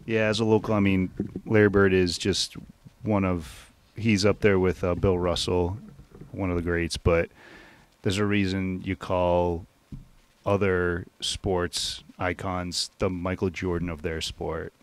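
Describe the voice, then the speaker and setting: A man chatting as a podcast guest, unhurried and dry. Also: deep voice, flat delivery. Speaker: guest, movie buff. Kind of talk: casual chat.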